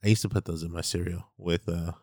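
A man's voice: deep voice, fairly even intonation, fast talker, a little mellow, no echo, clean studio sound. A man co-hosting a casual chat, rambling through slangy stories full of "like". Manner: rambling, slangy storytelling with lots of "like". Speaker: podcast co-host.

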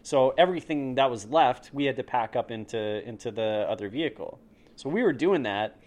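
A man at ordinary pitch chats casually and adds his side of a story. He often stops and restarts his sentences. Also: lively intonation, a little mellow. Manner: agreeing, halting recollection with repeated restarts. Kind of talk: casual chat.

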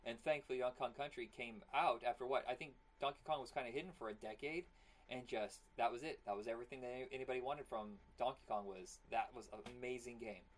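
A man co-hosts a casual podcast in a fast, mid-range voice with slight background noise. He rambles and jokes, slips into silly voices, and sounds strained and partly worn out.

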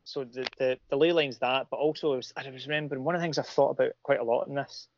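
A man's voice: mid-range voice, fairly even intonation, quick pace, a little hiss or hum. A middle-aged man, a comic creator talking casually in a rambling way, full of restarts and fillers. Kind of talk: casual chat. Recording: dull lo-fi audio.

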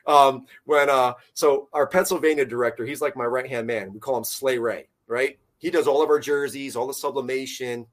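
A man's voice: mid-range voice, steady tone, normal speed, few pauses. A man who founded a fishing tournament trail, chatting casually on a podcast in a rambling way. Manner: rambling, many fillers and restarts.

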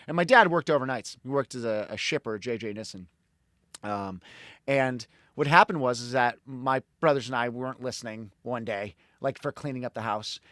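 A middle-aged man from Connecticut, a podcast guest telling animated, rambling stories in casual conversation. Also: mid-range voice, no room sound, studio quality. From Connecticut, USA.

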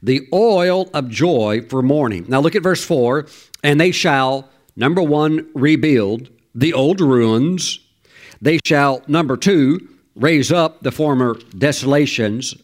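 A man delivers a sermon in a voice pitched a little high for a man. He reads scripture, then explains it with lively asides, briefly acting out how the people would have reacted. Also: takes it slowly. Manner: animated, acts out voices of listeners in lively asides. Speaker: preacher.

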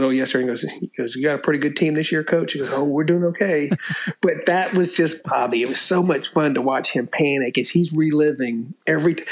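A man's voice: fairly high pitch, low-quality recording. Chatty older man telling stories. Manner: chatty, many restarts, clears throat often, laughs at his own stories. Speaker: former college sports media relations staffer, guest. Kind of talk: casual storytelling interview.

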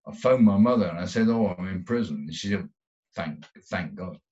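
A man's voice: fairly low pitch, quick pace, a little mellow. A man telling his own story in an interview, rambling and swearing a lot, with many restarts. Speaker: guest. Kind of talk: candid interview. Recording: dull lo-fi sound.

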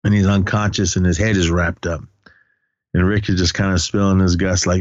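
Low-voiced man recapping a movie. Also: little pitch movement, brisk, no echo, highs cut off. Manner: retells scenes with quoted dialogue and frequent fillers. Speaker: podcast co-host.

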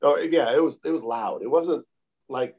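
Man, calm storyteller in casual interview, unhurried, mid-pitched, keeps adding "I said.". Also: lo-fi sound. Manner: calm, unhurried, repeats "I said" often. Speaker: interview guest telling a story.

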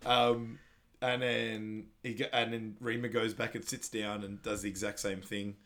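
Bright-voiced man recapping a comedy film. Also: little pitch movement, moderate pace. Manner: retells scenes, acting out lines in loud high voices and laughing. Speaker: podcast co-host. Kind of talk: casual movie recap chat.

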